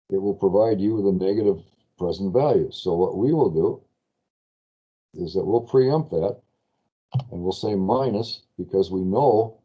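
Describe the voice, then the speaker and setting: A man lecturing a class on lease finance in a spreadsheet, chatty and quick to correct his own slips while asking students questions. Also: fairly low pitch, dull audio.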